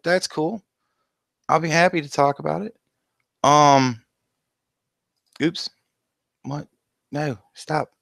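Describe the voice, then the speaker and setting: A man's voice: a little high, creaky, fairly bright tone, dry recording. A man hosting a casual call-in livestream, rambling and swearing and restarting his sentences, heard through a headset. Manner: rambling, profane, laughs often, restarts sentences.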